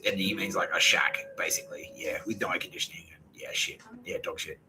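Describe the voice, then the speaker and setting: A man's voice: low voice, brisk, few pauses, background noise. An Australian man in a profane, rambling podcast monologue, acting out what other people said. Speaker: podcast host.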